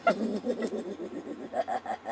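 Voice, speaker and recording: A woman's voice: medium pitch, extremely slow, creaky, darkish tone, slight background noise. A young woman chatting casually as she draws on a livestream, swearing freely. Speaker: art streamer. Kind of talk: casual livestream chat while drawing.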